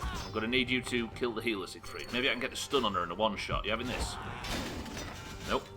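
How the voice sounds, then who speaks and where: A man's voice: fairly low pitch, fast talker. A male gaming streamer talking through live gameplay, sweary, joking and self-deprecating. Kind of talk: live gameplay commentary and chat. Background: game music and sounds.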